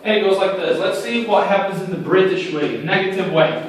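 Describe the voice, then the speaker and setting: A male English teacher giving a whiteboard grammar lesson, explaining slowly and repeating each point step by step. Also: high voice. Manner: slow, repetitive, explaining step by step. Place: room with a writing board. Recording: very echoey room, far from mic, faint noise.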